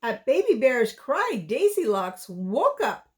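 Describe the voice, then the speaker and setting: Woman storyteller, high and slow, reads aloud to small children. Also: sing-song, slightly rough. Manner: slow, lilting, asks the young listener questions.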